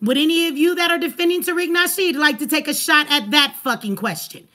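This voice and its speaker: A woman hosting a livestream, ranting angrily and profanely at her chat with rapid rhetorical questions. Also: high-pitched, bright, forceful tone. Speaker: livestream host. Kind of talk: heated livestream rant.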